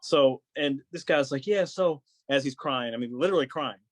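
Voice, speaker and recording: A man, a podcast guest, telling a long story in casual chat, acting out what others said with lively voices. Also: mid-range voice, a little fast, no echo. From United States. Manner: animated storyteller acting out quotes.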